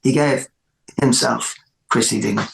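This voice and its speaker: A man with an Irish accent, a musician telling stories in a casual interview, animated and repeating words for emphasis. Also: mid-range voice, measured pace, gravelly, echoey room. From Ireland. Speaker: musician guest.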